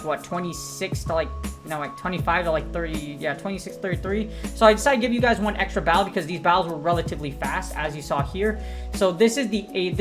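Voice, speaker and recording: A woman giving casual, excitable game commentary as a streamer, rambling off on tangents and full of slang. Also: mid-range voice. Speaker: gaming streamer.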